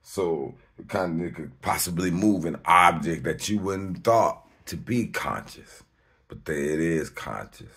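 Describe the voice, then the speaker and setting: A man speaks to camera in a deep, husky, gravelly voice, taking his time while his pitch swings widely. He talks in loose, emphatic slang, swearing often and breaking into laughter between points. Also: animated, a little slow, a bit bright. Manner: emphatic, slangy and rambling, with sudden high-pitched outbursts. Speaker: video host. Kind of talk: unscripted monologue to camera.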